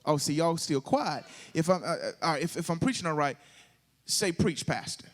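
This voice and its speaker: A man's voice: fairly high pitch, lively intonation, normal speed. A male pastor with a Southern US accent preaching a sermon, drawing call-and-response from the congregation and building to sung, rising climaxes.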